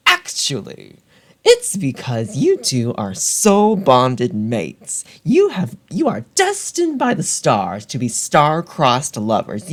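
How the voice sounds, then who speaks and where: A man's voice: mid-range voice, voice pushed up, exaggerated voice. A man voicing a campy, teasing magical creature who talks in a singsong way and keeps calling the listener honey. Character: sassy, campy magical creature summoned like a demon.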